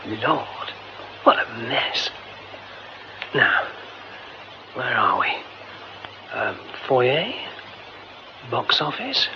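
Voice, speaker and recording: An actor playing a flustered young theatre director, muttering to himself in a radio drama. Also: male voice, medium pitch, highs cut off, background noise. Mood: musing. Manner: muttering to himself, then panicked.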